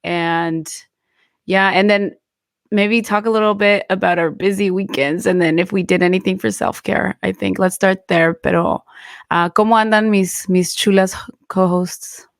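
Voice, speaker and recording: A Mexican-American woman hosting a casual podcast, drifting between English and Spanish in a relaxed, chatty way. She sounds tired, her voice still recovering. The recording is dry and close. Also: mid-range voice, normal speed, gravelly, no echo. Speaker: podcast host.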